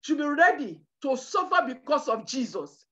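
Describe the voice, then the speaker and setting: A woman preacher delivering a sermon with emphatic, shouted bursts. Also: high voice, very animated, moderate pace, dull audio. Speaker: preacher at a women's conference.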